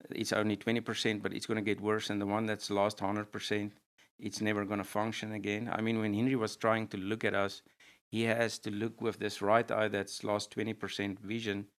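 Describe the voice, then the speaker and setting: A middle-aged man recounting a family testimony in a church interview, in a steady, matter-of-fact way. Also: lowish voice, a little fast. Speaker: guest sharing a testimony. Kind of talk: storytelling testimony.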